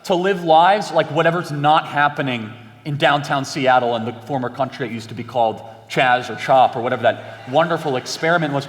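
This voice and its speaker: A young man in animated conversation, talking emphatically and acting out exchanges he quotes. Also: medium pitch, a little fast. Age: young adult. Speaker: guest. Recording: long hall reverb.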